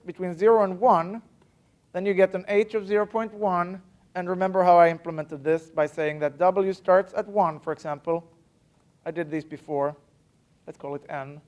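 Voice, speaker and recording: Medium in pitch, this university math lecturer speaks casually during a live lecture in a lecture hall. Fillers and restarts pepper the talk, and the important points get extra emphasis.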